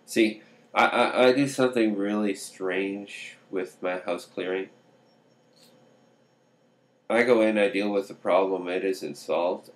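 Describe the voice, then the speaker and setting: Man, very low voice, storytelling, chuckling asides, quoted dialogue. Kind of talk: spoken true-story telling.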